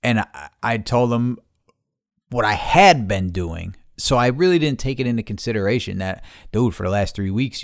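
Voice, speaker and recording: A man's voice: sits low, gravelly, dry recording, studio quality. A man hosting a casual solo podcast from his garage, rambling and swearing freely while poking fun at himself. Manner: rambling, profane, self-mocking. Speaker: podcast host.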